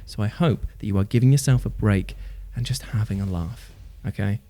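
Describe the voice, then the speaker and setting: A man hosting a comedic gaming list video, jokey and animated, with a warm, earnest sign-off. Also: fairly low pitch, a little fast. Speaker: host.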